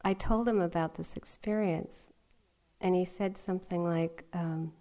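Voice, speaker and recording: A middle-aged woman giving a dharma talk as a meditation teacher, gentle and often laughing softly as she tells stories. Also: lowish voice, fairly even intonation, normal speed. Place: retreat meditation hall.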